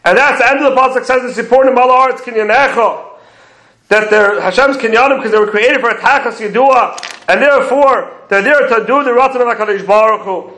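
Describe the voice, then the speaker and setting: High-voiced man teaching prayer commentary. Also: fairly quick, sharp tone, reverberant, poor audio. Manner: explains commentaries step by step, quoting Hebrew phrases. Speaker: Torah teacher.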